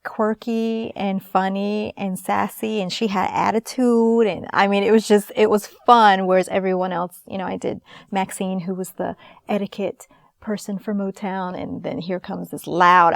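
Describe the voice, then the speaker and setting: A woman in her thirties, an actress guest in an interview, telling stories in a lively, animated way. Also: medium pitch, creaky, no room sound, studio quality. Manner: lively, animated storyteller, laughs often. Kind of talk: casual storytelling in an interview.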